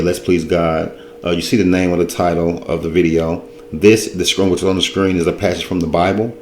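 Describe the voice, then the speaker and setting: A man's voice: deep voice, darkish tone, echoey room, a little hiss or hum. A man giving loose, casual commentary, rambling and correcting himself as he goes. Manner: rambling, informal, restarts and self-corrections. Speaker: video commentator.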